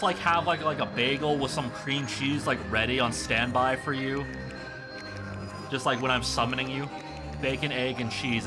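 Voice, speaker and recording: A man streaming a game, chatting casually with his viewers in a rambling, joking way full of fillers. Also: mid-range voice. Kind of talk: casual chat with live chat while playing a game.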